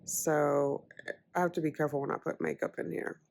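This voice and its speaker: A woman's voice: low voice, fairly quick, vocal fry. A young adult woman vlogging in a casual, chatty way about her day. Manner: chatty, animated storytelling. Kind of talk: casual vlog chat.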